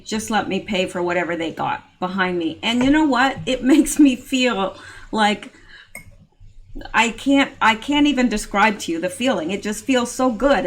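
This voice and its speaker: A woman's voice: medium pitch, a bit bright. A woman hosting her own commentary channel, talking casually and earnestly with lots of fillers and restarts. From Canada. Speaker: political commentary channel host.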